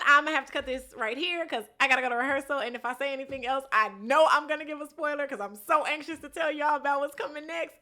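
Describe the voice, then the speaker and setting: A woman's voice: sits high, pushed and bright. A young woman recapping a reality show episode in a casual vlog, talking bluntly with lots of slang and swearing.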